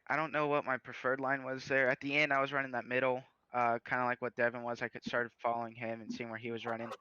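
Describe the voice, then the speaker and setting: A man interviewed after finishing second in a race, speaking hesitantly with many pauses and fillers. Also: mid-range voice, sharp tone, clean tone, no echo, highs cut off. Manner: hesitant, lots of fillers, modest. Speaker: sim racing driver, second place.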